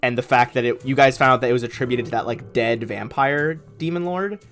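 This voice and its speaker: A man's voice: mid-range voice, a little fast, fairly bright tone, faint music behind. A young man running a tabletop game, rambling with lots of fillers. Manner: rambling, filler-heavy, laughs often. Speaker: game master.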